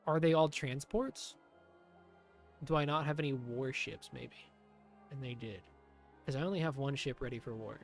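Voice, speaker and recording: A man's voice: mid-range voice, moderate pace, long pauses, faint music behind. A man doing live commentary on his own strategy game, talking to himself in a sarcastic, swearing way. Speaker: streamer.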